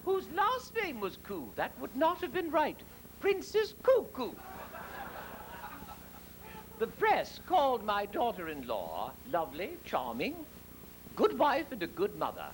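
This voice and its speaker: A man puts on a grand, catty older queen with a very high, swooping voice that leaps far up and down. She speaks slowly and imperiously, savoring each barb. A faint hiss sits under this live stage recording. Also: wildly swooping pitch, exaggerated voice. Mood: cutting. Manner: grand, imperious, camp, with sudden drops into a low voice. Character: haughty aging female queen, grand and catty. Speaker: drag comedian. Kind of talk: stand-up drag impression.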